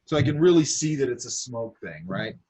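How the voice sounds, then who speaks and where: A man's voice: mid-range voice, big pitch swings, a little fast, darkish tone, husky. A man teaching a drawing class, talking casually as he sketches, with lots of fillers and asides. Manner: talks while drawing, many fillers and asides. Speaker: art instructor.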